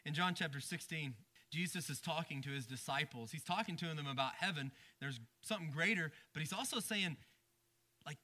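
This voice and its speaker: Pastor guy preaching, chatty, stumbles over words a lot, bright slightly high voice, goes quiet on the big points. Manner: conversational preaching, dropping low and quiet for emphasis; frequent stammered restarts. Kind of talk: sermon.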